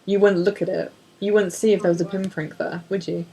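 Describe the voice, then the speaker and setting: A woman co-hosting a podcast, chatting casually through a film commentary, joking and swearing and acting out characters in quick asides. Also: fairly low pitch, fairly even intonation, dark tone, slight background noise. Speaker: podcast co-host.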